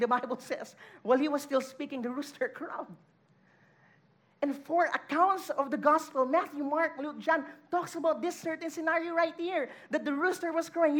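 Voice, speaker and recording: Female preacher, high voice, earnest sermon delivery with scripture readings. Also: a bit bright. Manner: earnest, emphatic, reads scripture aloud.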